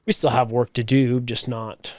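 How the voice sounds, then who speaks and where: A man's voice: medium pitch, level tone, normal speed, darkish tone, dry recording. A man co-hosting a podcast, talking in a laid-back, casual way about his work week. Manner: laid-back, laughs often, rises when joking. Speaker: podcast co-host; works for a paving company. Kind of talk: casual chat.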